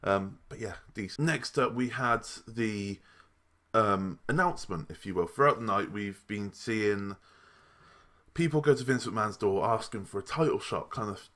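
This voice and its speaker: A man's voice: fairly low pitch, normal speed, fairly bright tone. A young man giving a casual, rambling review of a wrestling show. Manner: chatty and rambling, with restarts and asides.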